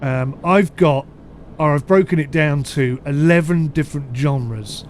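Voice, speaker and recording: Male streamer with a southern English accent, slightly high voice, rambling live game commentary. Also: a little slow, a little hiss or hum. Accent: mixed southern English. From United Kingdom. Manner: chatty, rambling, answers chat.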